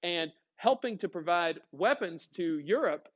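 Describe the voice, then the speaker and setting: A lively male history teacher lecturing his class, his voice sitting fairly high for a man. He keeps throwing questions at the students as he goes. The recording is dull and lo-fi. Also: a little slow. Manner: energetic, asks questions to the class.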